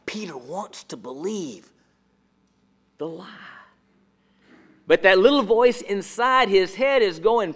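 A man preaching a sermon, asking rhetorical questions and swinging between emphatic and hushed delivery. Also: sits high, animated, slow.

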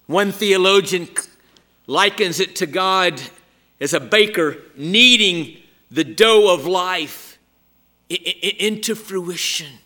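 A man preaching a sermon, emphatic and dramatic, moving from loud exclamations down to hushed near-whispers. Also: high voice, slow pace.

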